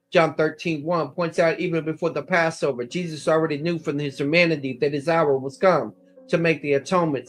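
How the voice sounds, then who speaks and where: A man giving an explanatory Bible lecture, citing verses and paragraphs and sometimes restarting words. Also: a little high. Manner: explanatory, cites verse numbers, occasional restarts. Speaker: Bible teacher. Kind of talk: lecture on scripture.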